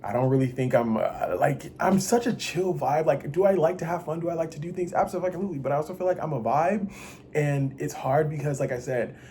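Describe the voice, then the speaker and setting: Talking straight to the camera, a male vlogger rambles through a casual confessional monologue, swearing freely, interrupting himself, and restarting sentences. He's restless, swinging between loud bursts and low mutters, speaking a little fast over slight background noise.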